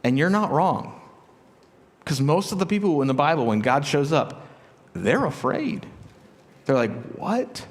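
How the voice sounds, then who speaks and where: Joking conversational pastor in echoing church. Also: male voice, a little high, animated, unhurried, long pauses. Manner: conversational, joking asides, rhetorical questions. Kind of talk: sermon. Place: large church sanctuary. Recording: long church reverb.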